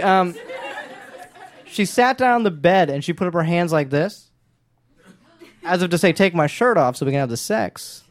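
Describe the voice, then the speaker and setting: A man doing stand-up in a club, telling awkward stories with deadpan punchlines. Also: high voice. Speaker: stand-up comedian. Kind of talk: stand-up set. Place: comedy club stage. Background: audience laughter.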